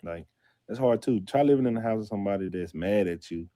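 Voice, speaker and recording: A man speaking earnestly and haltingly on a podcast, opening up about his relationship. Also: fairly low pitch, warm tone, dry recording, studio quality. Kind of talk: casual podcast talk.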